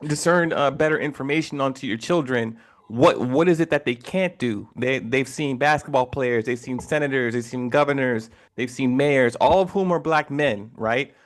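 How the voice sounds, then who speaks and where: A man co-hosting a casual panel discussion, reflective, pausing with fillers and restarting phrases. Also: mid-range voice.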